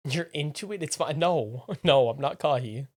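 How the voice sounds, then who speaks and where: Playful live streamer, teasing banter, mid-range voice, swings from muttering to loud outbursts. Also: medium pitch. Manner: playful, teasing, jumps from mumbling to loud exclamations; repeats phrases, quick asides to chat. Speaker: livestreamer. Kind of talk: casual live-stream chat, answering viewers.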